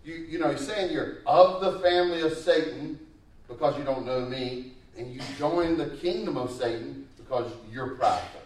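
A man, a pastor preaching a sermon in a conversational way, his pace and loudness rising and falling. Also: medium pitch, moderate pace. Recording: echoey room, mic at a distance.

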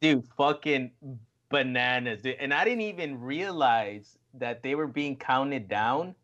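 A man's voice: medium pitch, animated, unhurried, a bit bright, dull audio. A man co-hosting a wrestling podcast in casual chat, tipsy, swearing and rambling with lots of laughter. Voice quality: profane and rambling. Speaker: podcast co-host.

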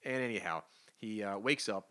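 A man co-hosting a podcast, recapping comic book plots in an animated, casual way. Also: on the low side, moderate pace. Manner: animated recapping, acts out quoted lines. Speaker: podcast co-host.

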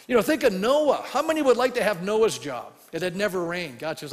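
A man preaching a sermon as pastor, telling stories with animation and acting out quoted voices, swinging from loud to hushed. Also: high voice, expressive, brisk, hardly any pauses, big-room sound.

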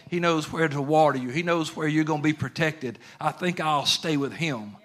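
A man's voice: on the high side, moderate pace, a bit bright. A man preaching a sermon in an earnest, conversational way, using plain everyday grammar.

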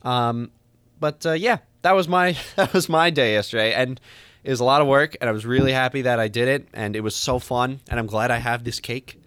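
A man co-hosting a podcast, chatting casually and rambling through animated stories and asides. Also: medium pitch, brisk, clear, resonant tone, no room sound. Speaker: podcast co-host. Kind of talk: casual chat.

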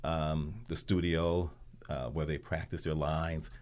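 A man talking as a guest on a radio show, explaining slowly with many ums. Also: rumbling low, flat delivery, darkish tone. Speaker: guest, theater president. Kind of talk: casual radio chat.

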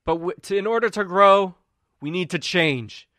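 A man voicing a young heir giving a polished, smooth political speech. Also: high-pitched, normal speed, pushed and bright, no room sound, clean studio sound, voice pushed up. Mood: speechifying.

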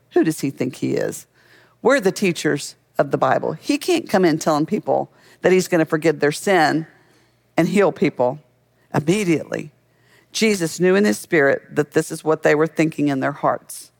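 A man's voice: a little high, animated, normal speed, gravelly. A man preaching a sermon as a pastor, in a conversational way that keeps asking the listeners questions.

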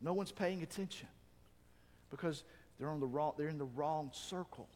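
A man delivers a sermon from a church sanctuary, animated and now and then slipping into quoted voices. His voice sits a little high, and a long reverb trails every phrase around the hall. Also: moderate pace. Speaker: pastor.

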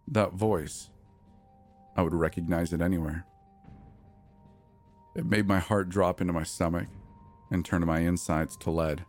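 Deep-voiced male horror narrator. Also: fairly even intonation, measured pace, pauses often, a little mellow, faint music behind. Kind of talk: scripted first-person horror narration.

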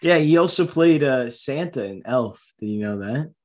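A man's voice: mid-range voice, expressive, moderate pace, darkish tone. A man co-hosting a casual movie podcast, rambling with lots of fillers and restarts. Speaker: podcast co-host.

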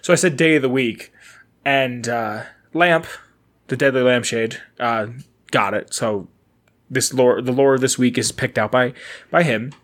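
A man's voice: medium pitch, a little slow, fairly bright tone. A man hosting a casual solo podcast, rambling and correcting himself as he talks. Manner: rambling, chatty, self-correcting, laughs easily. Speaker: podcast host. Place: indoors in a building he recently moved into. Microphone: camera and microphone setup.

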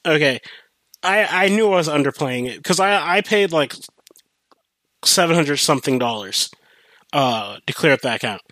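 A young man hosting a podcast, telling a rambling, profane story in a casual, animated way with many restarts. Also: a little high, moderate pace, long pauses, dry recording. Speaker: podcast host.

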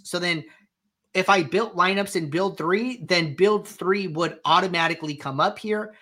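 A man hosting a live question-and-answer show, explaining software settings in a conversational way with frequent fillers. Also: fairly high pitch. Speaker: host answering viewer questions. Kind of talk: live Q&A tutorial, walking through software.

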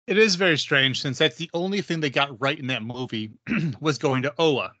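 A man co-hosting a podcast in a casual chat, animated and emphatic, often cutting himself off. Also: fairly high pitch, normal speed, no room sound. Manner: animated, emphatic, self-interrupting. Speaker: podcast co-host.

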